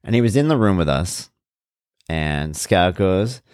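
A man with a lowish voice tells personal family stories in a casual, unscripted way. His pitch swings widely as he acts out the people he quotes, and the recording sounds dry and close with no room echo. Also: expressive, measured pace, darkish tone, smooth. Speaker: father sharing personal stories.

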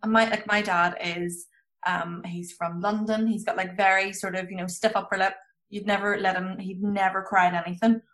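A woman's voice: medium pitch, flat delivery, moderate pace, a bit bright. Female podcast guest, mid-range voice, chatty storyteller, laughs easily. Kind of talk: casual chat.

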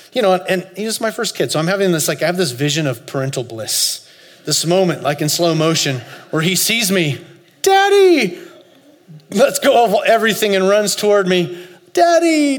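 A man in his forties preaching a sermon, telling a story with loud high bursts and soft low asides. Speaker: pastor. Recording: long hall reverb, faint music.

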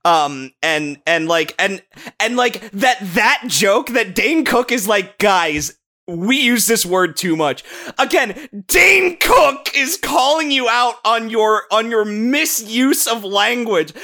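A man sharing quick, opinionated stories as a podcast co-host in casual chat. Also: very high voice, animated, pushed and bright. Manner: quick, opinionated storytelling with some swearing.

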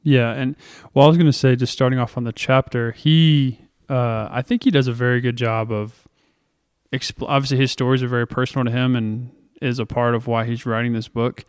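A man's voice: medium pitch, little pitch movement, brisk, smooth, no echo, studio quality. A man co-hosting a podcast, talking through a book chapter on faith in an earnest, thinking-aloud way with fillers. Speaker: podcast co-host. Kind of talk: casual faith discussion.

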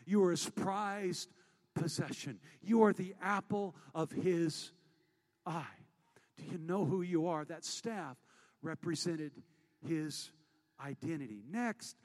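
A man preaching a sermon as pastor, moving between hushed storytelling and loud, rallying calls to the congregation. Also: a little high, slow pace, big-room sound. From United States.

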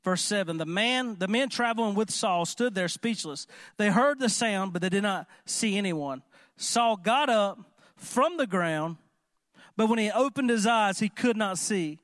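A man preaching a sermon in an animated, conversational way, often asking the congregation questions. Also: sits high, unhurried, no room sound, studio quality. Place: church.

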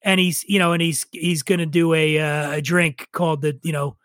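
A man's voice: fairly high pitch, level tone, normal speed, fairly bright tone, no room sound. A man in his forties, a podcast guest, telling a rambling story with profane, wry asides. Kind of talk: casual storytelling chat.

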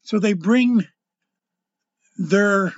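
An older man giving a casual political monologue, rambling and halting, often stumbling over his words. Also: high-pitched, no echo, muffled recording. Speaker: political commentator.

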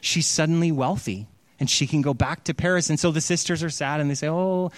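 A man's voice: fairly high pitch, quick pace, dry recording. A man preaching, animatedly retelling a story and acting out its quotes in a casual sermon style. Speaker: pastor.

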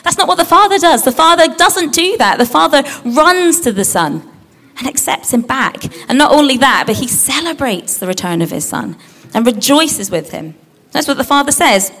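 A woman giving a lively Bible story talk to children, asking them questions and acting out the characters. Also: high-pitched, normal speed. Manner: animated, acts out the characters, asks the audience questions.

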